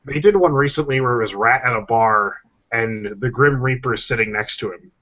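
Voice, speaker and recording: A man's voice: medium pitch, a little fast, sharp tone. A man chatting on a podcast, animatedly retelling comic strips and acting out the characters' lines. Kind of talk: casual chat. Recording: dull lo-fi podcast recording.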